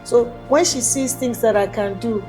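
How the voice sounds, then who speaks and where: A woman's voice: a little high, moderate pace, over music. A woman singer, a guest in an interview, telling her story with animation and acting out other people's voices when she quotes them.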